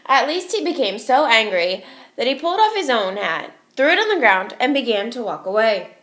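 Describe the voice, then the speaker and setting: Expressive woman teacher reading aloud. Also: on the high side. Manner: expressive, slow, asks listeners questions. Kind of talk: reading a storybook aloud to young children. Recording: echoey room.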